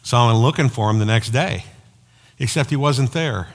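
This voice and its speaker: A man preaching a sermon as pastor, telling personal stories in an animated way. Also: mid-range voice, moderate pace, vocal fry. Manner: storytelling, animated, acts out quoted voices. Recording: long hall reverb.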